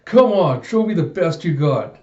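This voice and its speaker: A man voicing a brash, cocky young human brawler with a gruff, boastful drawl. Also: a little high, lively intonation, a little fast, warm tone, natural voice. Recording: echoey room, dull lo-fi sound.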